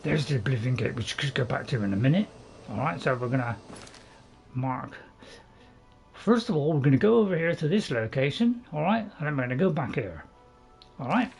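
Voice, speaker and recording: Chatty British man with a gravelly voice. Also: mid-range voice, very animated, fairly quick, pauses often, darkish tone, soft background music. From Britain. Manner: chatty and rambling, talks to viewers while chewing, playfully self-mocking. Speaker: gameplay channel host. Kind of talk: casual let's-play commentary.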